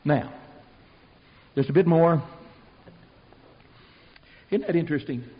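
A man preaching an animated sermon, telling the story in a folksy way and swinging from loud to hushed. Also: fairly high pitch, takes it slowly. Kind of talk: animated sermon with acted-out voices. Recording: dull lo-fi sermon recording.

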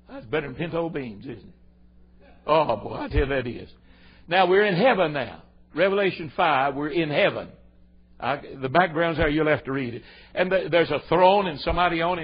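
A man preaching a folksy, emphatic sermon, jumping from loud exclamations to low asides. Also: slightly rough. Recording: dull lo-fi sermon recording.

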